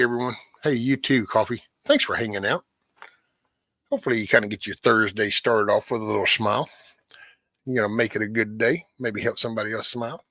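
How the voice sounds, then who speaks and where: A middle-aged man talks in a relaxed, meandering way to his viewers, full of folksy asides and casual swearing. His voice sits low, and the sound is close and dry with no room around it. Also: fairly quick, dry recording. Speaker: host of a morning livestream. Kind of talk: casual morning chat with viewers.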